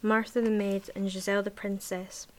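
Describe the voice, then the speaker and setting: A woman reading a novel aloud in a measured, even voice, then chatting casually about the book. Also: mid-range voice, a little hiss or hum. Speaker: book reviewer.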